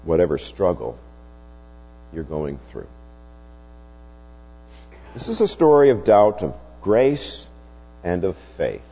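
A husky-voiced male preacher delivers a sermon at an unhurried pace, his pitch swinging widely for emphasis. The sound is dull and lo-fi, with a faint mains hum beneath it. A long reverb trails each phrase through the hall. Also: wildly swooping pitch, faint music behind.

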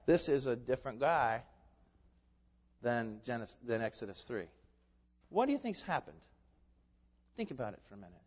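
A man preaching an expository sermon, asking the congregation rhetorical questions and swinging between loud emphasis and hushed asides. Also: medium pitch, very animated, normal speed, long pauses. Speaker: pastor. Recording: reverberant hall, dull lo-fi sound.

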